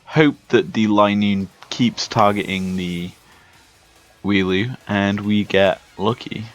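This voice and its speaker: A young British man giving relaxed, chatty commentary while playing a video game. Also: on the low side. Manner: slow, laid-back, chatty. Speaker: Let's Play host. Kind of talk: casual gameplay commentary. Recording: dull lo-fi sound with faint music.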